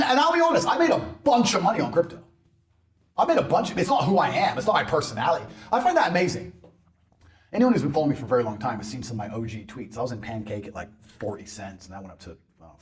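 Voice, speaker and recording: A man ranting on a podcast in a boastful, mocking way, mimicking people in loud bursts. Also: medium pitch. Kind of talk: animated podcast rant.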